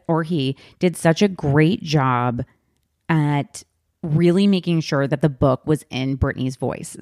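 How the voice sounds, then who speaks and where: A woman's voice: sits low, a little mellow, no room sound, clean studio sound. A woman hosting a casual podcast book discussion, chatty and emphatic. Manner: chatty, emphatic, fast bursts with stretched words. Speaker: podcast host.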